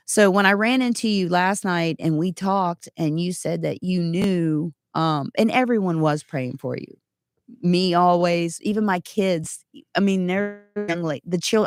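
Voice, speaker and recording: A woman in her thirties giving an earnest, animated personal testimony, full of asides. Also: lowish voice, unhurried, dry recording, clean studio sound.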